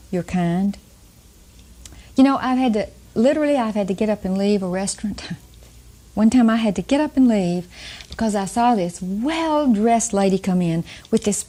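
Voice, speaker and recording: Older female Bible teacher, warm and relaxed, folksy and chatty with frequent laughs. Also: medium pitch. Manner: chatty, laughs often, asks the audience questions.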